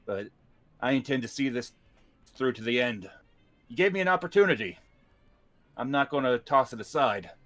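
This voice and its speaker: Male player in a tabletop game, calm and measured, mid-pitched. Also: soft background music.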